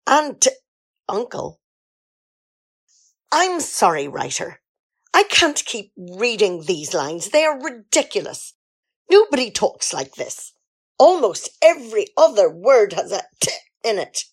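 A self-important diva singer who tells her story in a grand, theatrical way , voiced by a woman. Her voice is gravelly and husky, and it moves up and down a lot. It is a comic radio sketch. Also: medium pitch, very animated, measured pace, heavily acted. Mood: stilted. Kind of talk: amateur radio comedy sketch.

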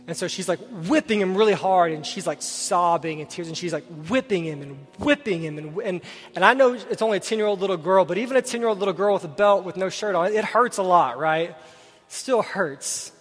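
Man, pastor, earnest sermon, slightly high voice, long hall reverb, faint music underneath. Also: normal speed. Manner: earnest, asks the listeners direct questions. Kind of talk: sermon with storytelling and prayer. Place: church sanctuary.

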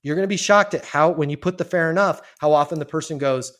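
A man's voice: fairly high pitch, fast talker, fairly bright tone. Emphatic man coaching sales on a podcast. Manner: emphatic, acts out sales calls, swears casually. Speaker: sales trainer guest.

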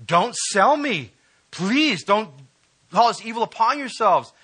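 A man's voice: sits high, lively intonation, measured pace, pushed and bright, husky, pitched above the performer's own voice, heavily acted. A man acting out a young man pleading with his brothers not to sell him, begging desperately.

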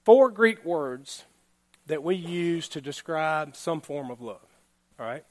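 A man pastor giving a relaxed, conversational sermon, laughing now and then and often checking in with the congregation. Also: a little high, slow pace. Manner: chatty, laughing, keeps asking "all right?".

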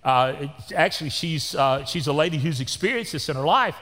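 A man's voice: on the high side, expressive, moderate pace, a bit bright. A Texan man in his sixties preaching a sermon as pastor, with a folksy, joking manner and down-home sayings. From Texas. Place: church sanctuary. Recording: long church reverb.

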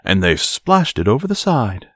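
Calm mother bear in a bedtime storybook, read by a man, low and lively. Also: moderate pace, breathy edge, no echo, studio quality, exaggerated voice. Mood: fussy.

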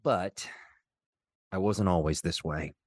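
Low-voiced man with a faded Kentucky accent. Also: slow pace, no echo, studio quality. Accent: faded Kentucky Southern. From Louisville, Kentucky. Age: 40s. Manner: personal, confessional storytelling. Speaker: host and journalist. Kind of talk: scripted podcast narration.

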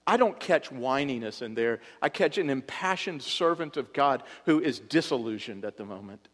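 A man preaching a sermon as a pastor, impassioned, his voice swelling and then dropping low for emphasis. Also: expressive, normal speed. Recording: long hall reverb.

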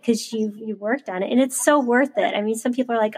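A woman's voice: a little high, a little fast, breathy edge. A woman hosting a casual interview, affirming and enthusiastic as she responds to her guest. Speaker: host.

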